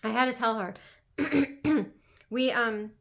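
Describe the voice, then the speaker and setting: A woman's voice: a little high, takes it slowly, gravelly, fairly bright tone. A woman business coach talking in a casual monologue, emphatic and chatty, repeating phrases and saying "like" often.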